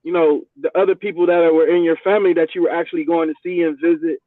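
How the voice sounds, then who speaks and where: A man on a discussion panel speaking haltingly, restarting his sentences often. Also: on the high side, level tone, dry recording. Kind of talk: casual discussion. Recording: tinny phone-like line.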